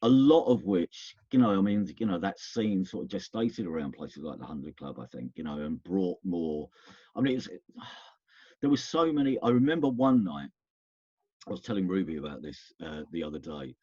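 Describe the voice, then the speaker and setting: A man's voice: low voice, sing-song, normal speed, warm tone, breathy edge, dry recording, highs cut off. A man, casually reminiscing as a guest and rambling with restarts. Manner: rambling, self-interrupting storyteller.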